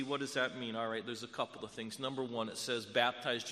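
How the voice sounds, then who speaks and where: A man preaching a sermon as pastor, moving between hushed storytelling and loud, fervent preaching. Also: medium pitch, steady tone, a little fast, hardly any pauses, long reverb tail.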